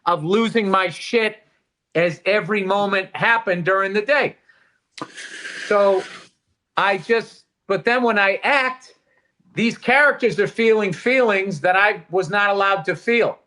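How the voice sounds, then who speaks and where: A middle-aged man with a high, bright voice talks on a casual podcast. He is reflective and candid. He swears loosely as he goes. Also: unhurried. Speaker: podcast host.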